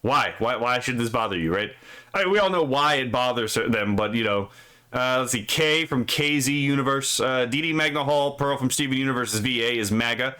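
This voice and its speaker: A man's voice: mid-range voice, lively intonation, moderate pace, bright, forceful tone, clear, resonant tone. Sarcastic, profane male streamer. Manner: sarcastic, profane, mocking asides; frequent filler "right?". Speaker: streamer reading posts. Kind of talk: casual live stream commentary.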